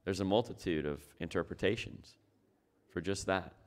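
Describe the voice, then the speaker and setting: Speaking at a moderate pace in a low register, a male pastor delivers his sermon in a conversational way. He talks it through and puts rhetorical questions to the congregation.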